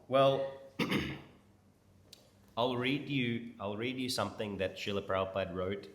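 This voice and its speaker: A man with a lowish voice leads a relaxed class, throwing questions at his listeners and ribbing them a little. He sounds like he's in a roomy, echoing hall, with a faint hiss under the sound. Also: slow pace, pauses often. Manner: informal, asks the audience questions, teasing. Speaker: temple class speaker. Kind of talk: conversational scripture class. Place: temple hall with an audience. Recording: echoey hall with faint noise.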